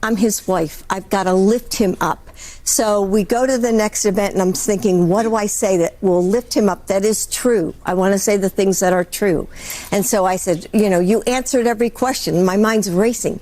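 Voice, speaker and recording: A woman's voice: medium pitch, moderate pace, dark tone. An older woman giving a sit-down interview, earnestly recounting and defending what she did. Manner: earnest, explains herself in recounted dialogue. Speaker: interview guest, former first lady.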